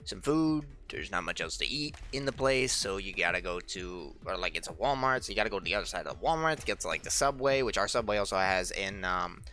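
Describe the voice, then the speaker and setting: A man's voice: low-pitched, lively intonation, fast, few pauses, sharp tone. A young man telling a rambling, chatty story while playing a game, with faint game music behind him. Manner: rambling, chatty, acts out quoted people. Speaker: let's play host. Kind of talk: casual storytelling over gameplay.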